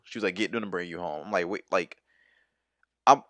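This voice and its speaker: Low-voiced young man telling a story. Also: fast, dry recording. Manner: rambling, slangy, animated retelling with many fillers. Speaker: storyteller vlogger. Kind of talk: casual storytime monologue.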